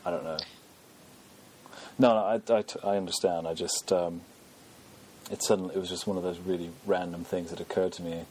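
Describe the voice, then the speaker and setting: Low-voiced rambling man. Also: fairly even intonation, fairly quick, pauses often, a little mellow, a little hiss or hum. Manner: rambling, self-deprecating, many fillers. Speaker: podcast host. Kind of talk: casual chat.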